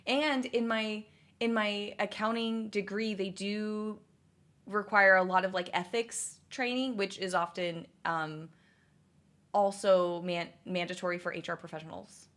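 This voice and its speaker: A woman's voice: mid-range voice, steady tone, a little slow, fairly bright tone. A young woman streaming, chatting casually and answering viewers' messages, rambling with many fillers and restarts. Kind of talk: casual livestream chat.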